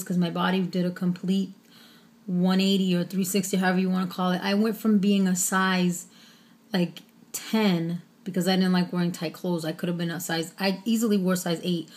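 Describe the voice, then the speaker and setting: A woman's voice: lowish voice, darkish tone. A woman talking candidly to her vlog viewers, chatty with many fillers, holding back tears. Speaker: vlogger. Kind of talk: casual personal vlog.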